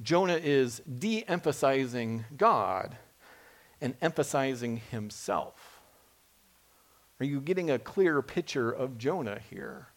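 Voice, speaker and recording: A man preaching a sermon, animated and dramatic as he voices scripture quotes. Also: mid-range voice, slow pace.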